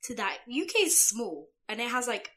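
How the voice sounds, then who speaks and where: Bright-voiced young London woman chatting. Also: on the high side, sing-song, moderate pace. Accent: London English. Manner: chatty, gushing, fillers like "like" and "you know". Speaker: podcast co-host. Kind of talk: casual chat.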